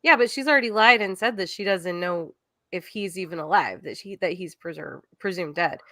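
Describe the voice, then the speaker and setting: A woman's voice: on the low side, fairly quick, a bit bright, dry recording. Arguing woman on a dry podcast mic. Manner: arguing, laughs often. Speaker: podcast co-host. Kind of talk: casual chat.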